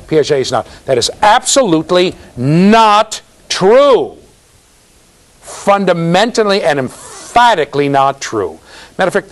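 Animated male lecturer, lively pitch. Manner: animated storyteller, acts out quoted voices; conversational, checks in with students. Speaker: university lecturer. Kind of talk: classroom lecture.

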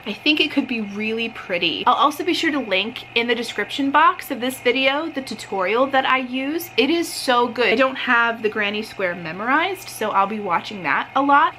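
A woman's voice: on the high side, pushed and bright, slight background noise, low-quality recording. A young woman from Ohio chatting bubbly and casually as she shows her shopping haul and crafts in her vlog. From Ohio, USA. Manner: chatty and bubbly, often laughing. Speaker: vlogger.

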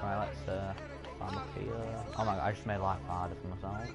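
A man's voice: low-pitched, level tone, brisk, gravelly, a loud crowd. A man chatting casually and rambling over his own gameplay as a streamer. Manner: chatty, rambling, self-correcting. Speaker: gaming streamer. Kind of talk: casual let's-play commentary. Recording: game music playing behind.

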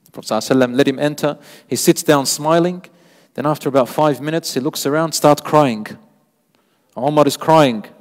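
A man giving a sermon in a mosque, telling stories with lively rising emphasis and quoting Arabic scripture. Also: fairly high pitch, brisk. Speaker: sheikh giving a mosque lecture. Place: mosque lecture hall. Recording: long hall reverb.

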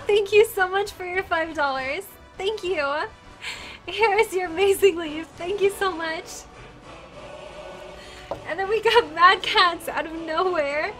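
A woman's voice: very high-pitched, a bit bright. A woman streamer, tearful and crying, gushing and apologetic as she thanks viewers during a live stream.

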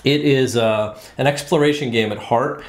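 A man's voice: medium pitch, normal speed, echoey room. A male host casually explaining a board game, rambling with lots of fillers and restarts. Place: indoors at a game table.

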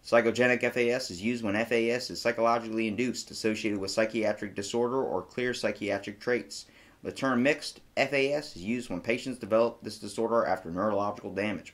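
A man's voice: fairly low pitch, fairly bright tone. A man co-hosting a comedy podcast who reads out notes in an emphatic, theatrical manner. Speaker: podcast co-host.

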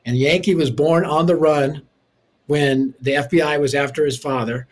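A man who is a preacher and author, telling his life story as a guest in an interview in a lively, punchy way with touches of humor. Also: on the high side, moderate pace.

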